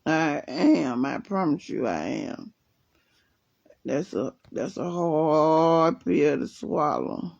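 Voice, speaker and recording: Woman chatting on her livestream, swoops all over, raspy voice. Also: low-pitched, slow pace, dull audio. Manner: animated, chatty storytelling. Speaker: livestream host. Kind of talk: casual livestream chat reading viewer comments. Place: at home, resting with leg elevated.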